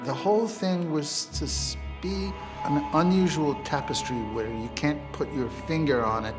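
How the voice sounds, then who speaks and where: A man, a film composer, giving a measured, hesitant documentary interview. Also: fairly high pitch. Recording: speech over music.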